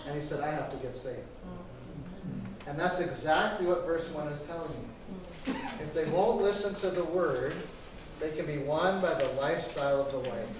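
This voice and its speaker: A man preaching to a church class as pastor, telling a story with lively quoted voices. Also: fairly high pitch, normal speed, pauses often, background noise. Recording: echoey room from far off.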